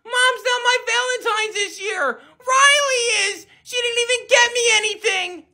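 A woman voicing a jealous little boy who whines, cries and shouts his complaints in a comedy skit. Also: extremely high pitch, unhurried, gravelly, full character voice. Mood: wailing. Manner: whiny, wailing, shouting complaints.

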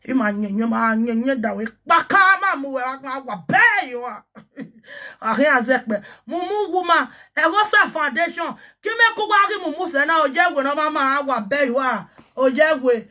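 A woman from Nigeria with a Nigerian Pidgin accent, ranting excitedly on a casual livestream and breaking into chanted syllables and laughter. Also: sits high, moderate pace. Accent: Nigerian Pidgin English. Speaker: social media personality.

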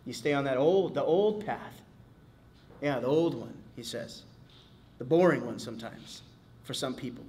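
A man leading a men's Bible study in an animated, casual way, acting out quotes as he teaches. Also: mid-range voice, normal speed, long pauses. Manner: animated, casual, acts out quotes, many fillers.

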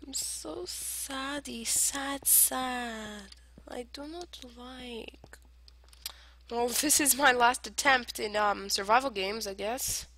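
A woman gamer talks her way through a match in slow, unhurried commentary, her voice sitting fairly high. She rambles in goofy self-talk, dropping to whispers and then bursting out loud. Steady background hiss and clicky noise run under the whole recording. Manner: rambling, silly self-talk, argues with herself; jumps between whispered asides and loud outbursts. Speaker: gamer playing online survival matches. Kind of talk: casual gameplay commentary. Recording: noisy home recording with clicks.

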